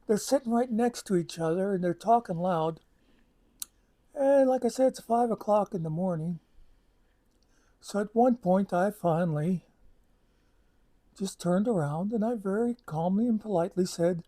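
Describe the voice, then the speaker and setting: A man's voice: high voice, normal speed, dark tone. A man telling a long personal story in a casual, rambling way, with many asides and fillers. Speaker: channel host.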